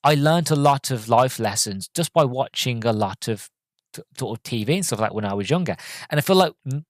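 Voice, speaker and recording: A young man talks his way through a movie's story in a loose, rambling podcast style, stumbling over words and padding with "um" and "like". His voice sits at an ordinary middle pitch and is recorded close and dry, with no room sound around it. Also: animated, fairly quick, no echo. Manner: rambling, full of fillers and self-corrections. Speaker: podcast host reviewing a film. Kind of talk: casual spoken film recap.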